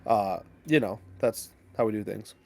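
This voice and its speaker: A man acting as game master who explains the rules and setting in a relaxed, conversational way with many fillers. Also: fairly low pitch, moderate pace, creaky.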